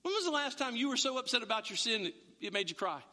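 A man preaching a sermon as pastor, animated and acting out his listeners' voices. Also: extremely high pitch, fast, in a large hall.

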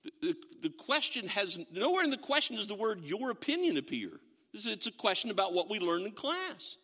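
A man preaching a sermon to a congregation, animated and acting out the imagined voices of other people as he talks. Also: sits high, fairly quick, big-room sound. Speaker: pastor.

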